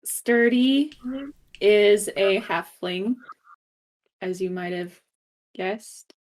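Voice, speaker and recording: A woman casually introducing her tabletop game character in a relaxed, amused way. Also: mid-range voice, extremely slow.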